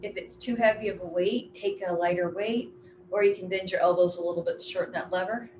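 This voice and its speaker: A woman's voice: lowish voice, fairly even intonation. Echoey woman fitness instructor counting reps. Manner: counting reps aloud with brisk, encouraging cues. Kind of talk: guiding an exercise class. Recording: echoey room with faint ambient noise.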